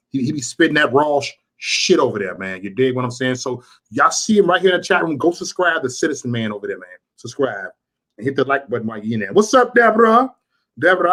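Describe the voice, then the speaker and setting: A man's voice: medium pitch, a bit bright. A man hosting a casual livestream, talking in loose street slang and greeting viewers in the chat by name. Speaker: livestream host.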